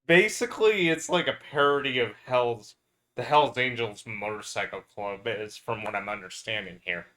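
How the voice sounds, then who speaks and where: A man's voice: mid-range voice, moderate pace, a bit bright. A man giving casual gameplay commentary with laid-back, dry reactions. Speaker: streamer.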